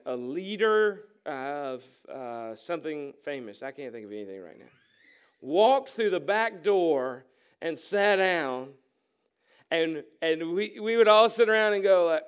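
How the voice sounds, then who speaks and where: A pastor in a church sanctuary preaches a conversational sermon to his congregation in a smooth voice that sits high. With humor, he acts out the voices of the people in the story.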